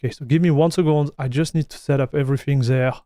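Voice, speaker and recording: A man's voice: medium pitch, steady tone, fast talker, warm tone, no echo, studio quality. A young man from the south of France with a French accent, casually chatting with viewers on a live stream. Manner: casual, addresses viewers as buddy and dude.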